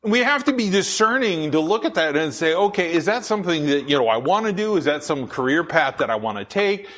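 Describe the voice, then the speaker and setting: Man, middle-aged, deep radio voice, pastor, casual storytelling sermon, lots of fillers. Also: expressive, a little fast, fairly bright tone. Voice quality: deep, full radio-style voice. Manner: conversational storytelling, many fillers and restarts.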